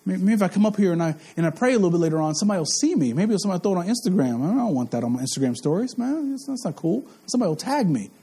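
High-voiced man preaching with fervor. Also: big pitch swings, rapid-fire, hardly any pauses, warm tone, husky. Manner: impassioned, repetitive, asks the crowd questions. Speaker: pastor. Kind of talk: sermon.

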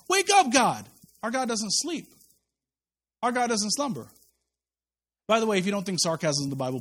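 A male pastor preaching a casual, joking sermon, acting out quotes in a conversational way. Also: high voice.

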